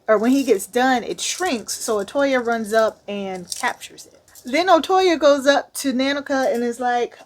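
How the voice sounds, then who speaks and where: Animated woman retelling a manga. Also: a little high. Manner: animated, slangy, candid asides. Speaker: manga reviewer. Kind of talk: casual storytelling review.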